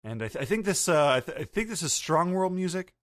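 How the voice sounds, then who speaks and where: Halting casual male podcast host. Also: a little high, sing-song, no room sound, studio quality. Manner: many fillers, halting. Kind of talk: casual episode recap.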